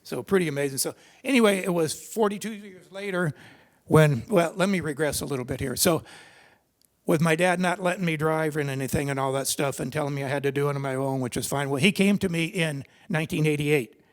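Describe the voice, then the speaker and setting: A man's voice: on the high side, fairly quick. An older man speaking at a seminar, telling personal racing stories in a rambling, conversational way with many restarts. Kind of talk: personal storytelling talk. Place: seminar hall.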